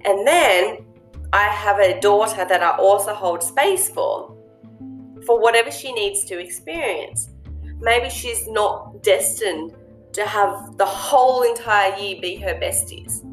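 A woman's voice: mid-range voice, slow pace, soft background music. A woman hosting a casual monologue, speaking earnestly and reflectively with plenty of ums and you-knows. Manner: earnest, reflective, lots of fillers. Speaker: host.

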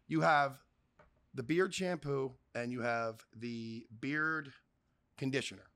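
A man who hosts the show, telling a story casually and reading an ad, animated and fond of swearing, acting out the quotes. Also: mid-range voice.

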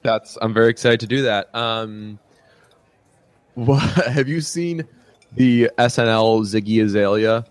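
A man's voice: fairly low pitch, slow, no room sound. Rambling man chatting on a podcast. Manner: rambling, laughs often, many fillers. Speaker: podcast co-host. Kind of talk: casual chat.

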